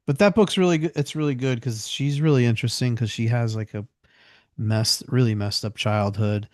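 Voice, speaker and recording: A man's voice: mid-range voice, normal speed, a little mellow, dry recording, clean studio sound. A man co-hosting a podcast who rambles casually, filling his talk with "like" and "you know". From United States. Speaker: podcast co-host. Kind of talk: casual chat.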